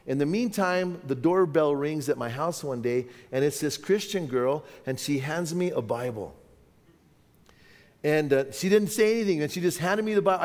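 Fifties male preacher, candid storyteller, slightly high voice, long reverb of a conference hall. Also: a little mellow. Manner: candid storytelling, acting out dialogue. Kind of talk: testimony sermon.

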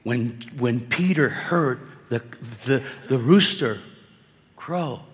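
A man preaching a sermon at a conference, animated and conversational, dropping casual slang as he talks to the crowd. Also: mid-range voice, takes it slowly. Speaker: conference speaker. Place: conference hall. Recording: echoey hall reverb.

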